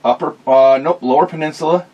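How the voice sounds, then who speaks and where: A man's voice: a little high, a little fast, recorded from a distance, muffled recording. A man bantering on a podcast, cussing and throwing in punchlines. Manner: joking, cussing, interrupting with punchlines. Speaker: podcast co-host. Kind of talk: casual banter.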